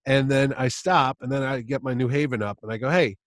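A comic artist tells a story in a casual, animated way, doing other people's voices as he goes. He has a mid-range voice, talks briskly, and there's no echo.

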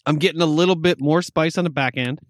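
Joking, somewhat high-voiced man. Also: fast talker, no room sound, studio quality. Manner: joking, wry asides. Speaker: co-host tasting whiskey. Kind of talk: casual chat.

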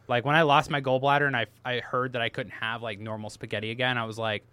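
A man's voice: medium pitch, flat delivery, fast talker, sharp tone, smooth, no echo. A young man co-hosting a podcast, rambling casually with many fillers and a lot of swearing. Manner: rambling and profane, heavy use of "like". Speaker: podcast co-host. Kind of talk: casual chat.

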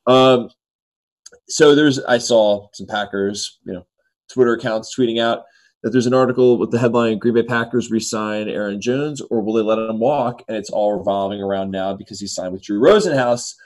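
A man's voice: fairly low pitch, moderate pace, darkish tone, poor audio. A man co-hosting a sports talk show, joking and self-deprecating, his voice cracking now and then. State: voice keeps cracking. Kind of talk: casual sports chat.

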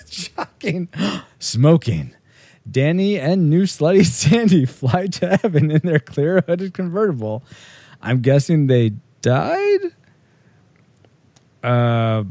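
Man, podcast host, lively pitch, mellow tone, dry close sound, playful. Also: no echo. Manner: playful, jokey, reads segment intros. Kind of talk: casual chat with scripted segments.

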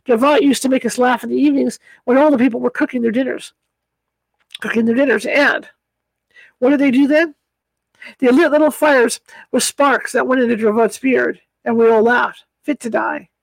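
A ragged old male adventurer, worn down and desperate, his words faltering and whimpering, as a woman reads him aloud in an audiobook. The voice sits fairly high and comes across in a close, dry recording. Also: steady tone, moderate pace, vocal fry, no echo, rough recording. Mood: reminiscing. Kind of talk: audiobook reading.

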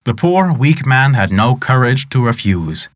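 A male storyteller reading an old folk tale with dramatic expression. His voice moves widely in pitch, and the sound is close and dry with no room echo. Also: sing-song, a little slow.

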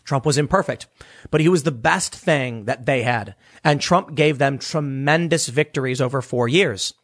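A man's voice: mid-range voice, moderate pace, a bit bright. A man giving opinionated political commentary, emphatic and sarcastic, often restarting his words.

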